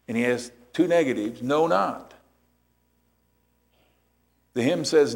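A man's voice: mid-range voice, lively intonation, slow pace, gravelly, pauses often. A man preaching a sermon as pastor, explaining scripture step by step and checking in with rhetorical questions.

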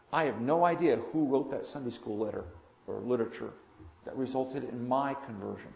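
A man preaching a sermon as pastor, swelling suddenly loud for emphasis and slowing to stress key words. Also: mid-range voice, creaky, reverberant, dull audio.

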